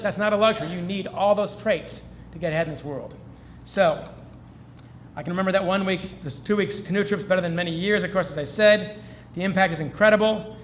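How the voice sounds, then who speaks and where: A man's voice: high-pitched, a bit bright, slight background noise. A man giving a speech at a celebration, telling earnest stories and getting emotional. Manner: earnest storytelling, gets choked up. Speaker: featured speaker. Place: event hall.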